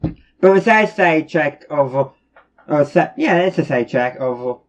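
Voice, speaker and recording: A man's voice: a little high, expressive, unhurried, highs cut off. A man giving a casual spoken review, rambling along with many restarts and fillers. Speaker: reviewer of animated episodes.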